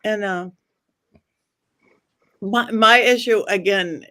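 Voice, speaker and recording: A woman hosts a casual group chat. She speaks haltingly, restarting sentences and leaning on fillers as she works out what she means. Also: medium pitch, bright, forceful tone. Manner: hesitant, full of restarts and fillers. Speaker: podcast host.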